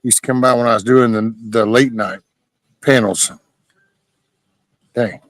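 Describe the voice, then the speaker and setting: A man's voice: mid-range voice, steady tone, a little slow, no room sound. A man from Southeast Texas, chatting casually and joking with viewers while reading their comments on a livestream. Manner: laid-back, folksy and profane, joking with chat. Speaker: livestream host.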